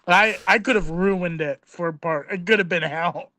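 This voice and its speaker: Bright-voiced young man telling stories. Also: sits high, moderate pace, no room sound. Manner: rambling comic storyteller, acts out voices in his anecdotes. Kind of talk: casual storytelling.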